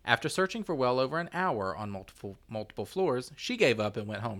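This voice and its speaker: Lively, bright-voiced male podcast storyteller. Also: medium pitch, fairly quick. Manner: jokey, laughs often, lively asides. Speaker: podcast co-host telling a true-crime story. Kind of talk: casual storytelling chat.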